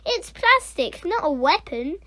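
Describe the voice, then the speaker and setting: A woman reading the lines of a bold, mischievous schoolboy playing pirate, with shouted pirate cries. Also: extremely high pitch, big pitch swings, unhurried, voice pushed up, exaggerated voice. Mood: pleading.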